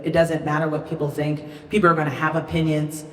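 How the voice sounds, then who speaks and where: A woman's voice: sits low, fast, recorded from a distance, a little hiss or hum. Woman telling a story on a live stage. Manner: lively, folksy storytelling. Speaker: guest speaker. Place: stage at a live show in a large venue. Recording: echoey hall, voice from afar.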